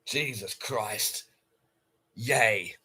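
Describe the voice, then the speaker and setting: Husky, sweary male livestreamer. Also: lowish voice, extremely slow, pushed and bright. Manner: blunt, sweary, reacting to viewers. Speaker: livestreamer reading chat. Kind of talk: casual livestream chat.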